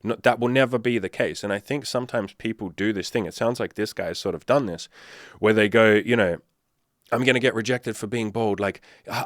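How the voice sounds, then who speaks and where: Aussie-sounding guy, lowish voice, blunt and sweary, dry close sound. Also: brisk, no echo. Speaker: dating coach. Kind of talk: casual commentary to camera.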